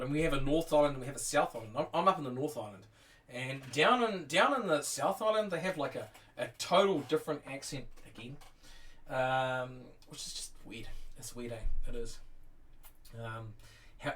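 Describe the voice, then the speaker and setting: A man's voice: mid-range voice, pushed and bright, recorded from a distance. A man with a New Zealand accent chatting casually on a live stream, rambling with lots of fillers and restarts while he reads and answers chat. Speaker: Lego streamer. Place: home room full of Lego sets.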